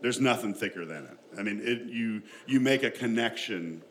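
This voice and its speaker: A man's voice: fairly low pitch, animated, normal speed, fairly bright tone, slight background noise. A man telling a personal family story to an audience in a chatty, self-deprecating way, laughing often as he goes.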